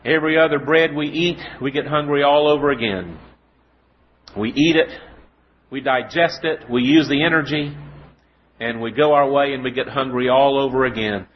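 A man preaching a sermon, telling a story, then reading scripture slowly with emphasis and asking rhetorical questions. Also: mid-range voice. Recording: dull lo-fi recording.

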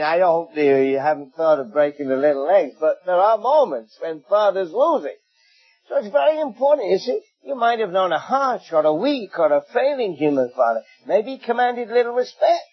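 An older preacher with an English accent, high-pitched and a little husky. He delivers his sermon with anecdotes and gentle humor. The recording is dull and lo-fi, with faint music underneath. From England.

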